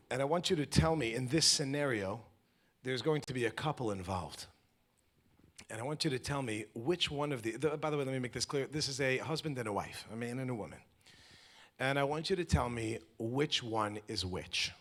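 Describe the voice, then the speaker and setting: A man teaching a live audience at an event, animated and quizzing the room with questions. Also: medium pitch. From lives in Israel. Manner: animated, asks the audience questions, acts out little scenes. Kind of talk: lively talk to a live audience.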